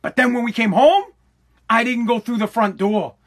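High-voiced, bright, profane man ranting. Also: normal speed. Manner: swears constantly, animated, self-interrupting. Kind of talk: casual profane storytelling rant.

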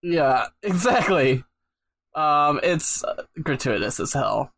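A man's voice: fairly high pitch, animated, slow, creaky, a bit bright, no room sound, studio quality. A man co-hosting a podcast in casual chat, wry and sarcastic, laughing often. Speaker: podcast co-host.

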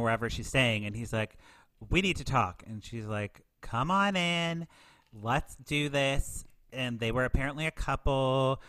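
A man's voice: mid-range voice, no room sound. A man in his twenties chatting casually on a podcast, recapping a movie and acting out the characters' lines. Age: 20s. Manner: animated, acts out characters' lines. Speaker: podcast co-host.

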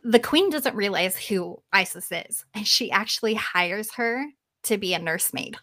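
Woman telling a story, lively and casual. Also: medium pitch, moderate pace, dry recording. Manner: lively, casual swearing, acts out quotes. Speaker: podcast host.

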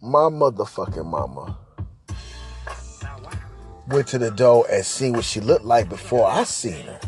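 A man's voice: on the low side, very animated, a little slow, faint music behind. A man hosting a podcast, telling a crude comic story in a rambling, repetitive way and often checking in with the listener. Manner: rambling, repetitive, keeps asking "right?". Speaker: podcast host. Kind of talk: profane comic storytelling monologue.

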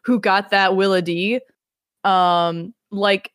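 A woman leading a casual podcast discussion, excited and joking, with some swearing. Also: mid-range voice, slow pace, no echo, clean studio sound. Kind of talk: casual chat.

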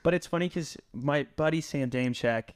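Animated young man telling a story. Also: fairly high pitch, a little fast, slight background noise. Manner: animated, laughing, acts out quotes. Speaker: podcast guest. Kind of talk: casual chat, storytelling.

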